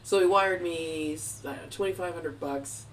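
A middle-aged woman running her own music studio, telling stories with lively acted-out quotes and frequent laughter. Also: fairly low pitch, a little slow, distant mic, slight background noise, low-quality recording. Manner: animated storyteller, acts out quotes, laughs often. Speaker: music studio owner, guest. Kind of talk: casual interview conversation.

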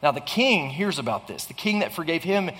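A man's voice: on the high side, very animated, brisk, fairly bright tone. Earnest preaching man in a reverberant hall. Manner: earnest preaching with frequent restarts and rhetorical questions. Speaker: pastor. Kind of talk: sermon.

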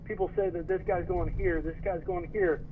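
A man's voice: high voice, steady tone, moderate pace. A man co-hosting a casual sports podcast, easygoing with dry, agreeing replies. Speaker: podcast co-host. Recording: tinny phone-like sound with faint noise.

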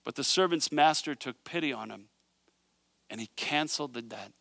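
A man preaching a sermon, retelling a parable in an animated storytelling way with joking asides. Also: medium pitch, normal speed, gravelly, no echo. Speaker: pastor.

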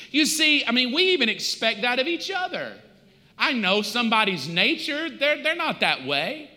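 A man's voice: extremely high pitch, very animated, moderate pace, pushed and bright, big-room sound. A male pastor, preaching in a conversational, storytelling way with touches of humor. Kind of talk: sermon.

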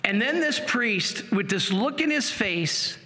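A man telling a personal testimony in an animated, dramatic storytelling manner. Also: sits high, slow. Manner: animated, dramatic storytelling with sudden pace shifts. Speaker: speaker giving a testimony. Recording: long hall reverb.

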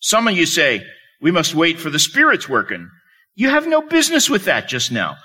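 A man's voice: on the high side, huge pitch swings, moderate pace, sharp tone, husky. A man preaching a sermon, telling a story with emphatic delivery.

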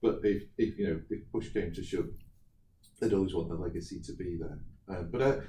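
A man's voice: sits low, a little fast, mellow. A man from the United Kingdom being interviewed as an entrepreneur guest, telling chatty anecdotes and laughing often. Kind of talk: podcast interview, storytelling. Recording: echoey room, slightly distant mic.

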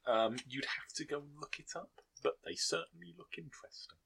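A man running a tabletop game as game master, describing scenes slowly with many ums and restarts. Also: fairly high pitch, creaky, fairly bright tone, slightly rough. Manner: hesitant, full of ums and restarts.

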